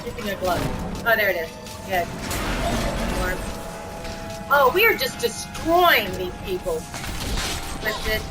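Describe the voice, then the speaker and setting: A woman streaming a game live, chatting excitedly and squealing at wins. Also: medium pitch, slow pace, long pauses. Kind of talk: live gameplay commentary. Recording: game music in the background. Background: music.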